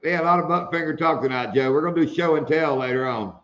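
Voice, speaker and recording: Joke-telling man, slightly high, muffled. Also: fast, fairly bright tone. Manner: joking storyteller, laughs at own jokes. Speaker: live stream host. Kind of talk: casual live chat.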